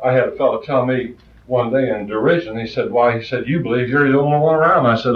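A man preaching a sermon with passion, his voice swinging between loud rises and soft, quiet asides. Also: medium pitch, wildly swooping pitch, measured pace, long pauses. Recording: distant, roomy, muffled old recording.

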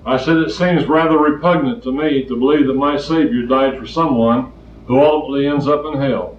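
Preaching a little fast in a mid-range voice, an older man delivers a plainspoken sermon of stories and emphatic repetition. The recording is lo-fi, with a distant, roomy sound.

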